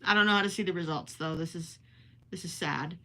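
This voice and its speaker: This livestream host, a woman with a Minnesotan accent, chats casually with viewers from home, reading their comments and frequently apologizing with self-deprecation. She has a lowish, sharp-toned voice and talks a little fast.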